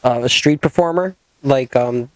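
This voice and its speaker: A man's voice: medium pitch, normal speed, no room sound. A man hosting a podcast in a studio, chatting loosely and rambling, swearing freely. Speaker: podcast host. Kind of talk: casual chat.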